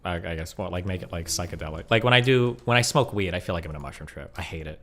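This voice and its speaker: A man's voice: deep voice, fast, a little hiss or hum. A man calling into a stream, telling stories bluntly and swearing freely. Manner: blunt, swearing, animated storytelling. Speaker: caller. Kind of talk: casual chat.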